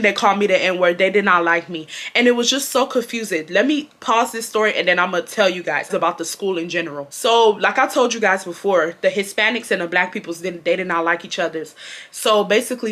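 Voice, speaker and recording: Young woman spilling a school story to her viewers, bright sharp voice, lots of slang and asides. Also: fairly low pitch. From Houston, Texas. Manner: animated, slangy, talks straight to viewers. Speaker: storytime vlogger. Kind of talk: casual storytime chat.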